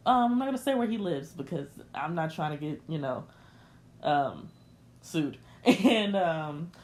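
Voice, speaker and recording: A woman's voice: deep voice, animated, measured pace, a little mellow. A young woman hosting a podcast, confiding a personal story in an emotional, candid rant and speaking straight to her listeners. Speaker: podcast host.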